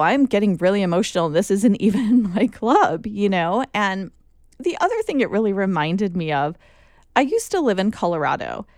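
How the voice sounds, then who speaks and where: Woman, casual chat, animated swooping voice, laughs a lot, dry close sound. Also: mid-range voice, clear, resonant tone, no echo. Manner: excitable, laughs often, lots of fillers. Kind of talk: casual chat about a football final.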